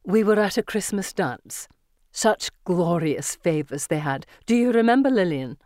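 A woman's voice: lowish voice, expressive, unhurried, a little mellow, no echo, studio quality. A woman voicing an older woman teacher who fondly and teasingly recalls old times, in an audiobook reading. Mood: reminiscing. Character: warm chatty older woman teacher, reminiscing.

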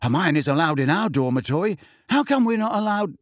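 A man reading aloud and voicing an excitable, indignant teenage schoolboy wizard who blurts things out. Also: a little high, brisk, no echo, clean studio sound, voice pushed up. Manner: blurting and aggrieved.

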